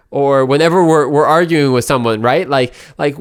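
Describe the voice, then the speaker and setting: A man's voice: medium pitch, steady tone, brisk, few pauses, clean tone. A man hosting his own show, giving casual, earnest advice to listeners and often restarting his words as he acts out short example conversations. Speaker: podcast host. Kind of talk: casual advice talk to camera.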